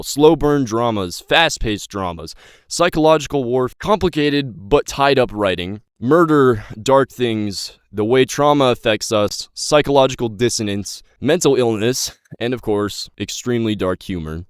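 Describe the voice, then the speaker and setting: A man's voice: medium pitch, lively intonation, normal speed, smooth, no echo, clean studio sound. A nineteen-year-old man giving an impassioned, rambling personal update to his viewers, swearing and stumbling over his words. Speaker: YouTube creator and novelist.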